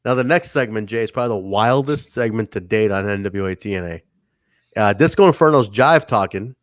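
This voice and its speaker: In clean studio sound with no room noise, a lowish-voiced man speaks briskly as co-host of a casual wrestling review podcast. He's animated, laughing often and acting out what the wrestlers said.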